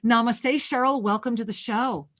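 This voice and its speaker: A woman's voice: on the high side, moderate pace. Gushing spiritual radio host, a woman. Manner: effusive, calls callers sweetheart and angel; intuitive reading in a soft flowing tone. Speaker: radio talk show host. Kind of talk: spiritual talk radio with callers.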